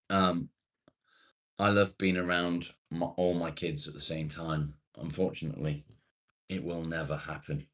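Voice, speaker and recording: Very deep-voiced, unhurried middle-aged man. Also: a bit bright. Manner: laid-back, swears freely. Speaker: live streamer reading viewer comments. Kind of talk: casual live-stream chat.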